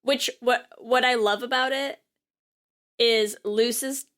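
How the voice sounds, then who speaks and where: A woman's voice: a little high, steady tone, slow, a bit bright. A woman co-hosting a podcast, chatting enthusiastically and rambling a little about a film. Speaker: podcast co-host. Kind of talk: casual film discussion.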